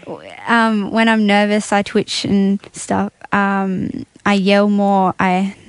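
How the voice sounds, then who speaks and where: A young woman in her late teens, talking as an interview guest. She laughs often and stops to hunt for words, with plenty of ums. Her voice sits at an ordinary pitch and sounds close and dry. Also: flat delivery, slow pace, clear, resonant tone, no room sound. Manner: giggly, hesitant, full of ums. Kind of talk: casual interview answers.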